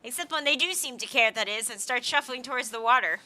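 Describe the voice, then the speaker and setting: A jumpy game scavenger rambles about wrecks and loot in an excited rush, voiced by a woman. The tone is high and piercingly bright. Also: fast talker. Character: jittery wreck scavenger, easily spooked.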